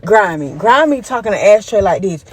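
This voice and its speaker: A woman's voice: mid-range voice, animated, normal speed, heavy background noise. A woman telling a story time, animatedly retelling events and acting out the voices of the people in it.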